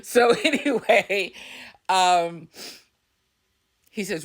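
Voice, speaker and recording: A woman's voice: lowish voice, takes it slowly. A middle-aged woman casually telling a family story, laughing as she goes and slipping into quoted voices. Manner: animated, laughs while talking, breaks into quoted voices.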